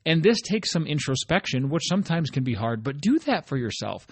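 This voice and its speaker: This man hosts a solo motivational podcast, chatting in an earnest, encouraging way and frequently tossing in "right?" to check in. His voice sits mid-range, slightly mellow and husky, with no room sound.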